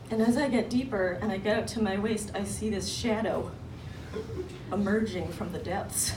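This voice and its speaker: A young woman performs stand-up, acting out the voices in her story. Her voice sits a little high, and it is picked up from a distance in a reverberant club. Audience noise is clearly audible behind her. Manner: animated storytelling with voiced quotes and laughter. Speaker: stand-up comedian. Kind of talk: stand-up comedy set. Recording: roomy live venue from a distance, audience noise.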